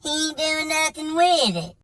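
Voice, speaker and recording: A comedian voicing a careless male factory worker with a slow, lazy drawl. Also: very high-pitched, expressive, sharp tone, no echo, pitched above the performer's own voice, heavily acted. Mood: carefree.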